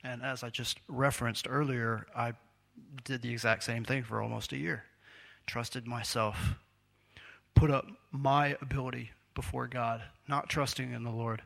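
A man's voice: medium pitch, steady tone, measured pace, vocal fry, a bit bright. A man preaching a sermon in a conversational, self-deprecating way, laughing often.

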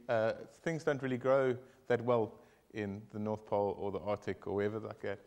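Man, devotion leader, casual rambling joke teller, animated, fillers and asides, mid pitch.

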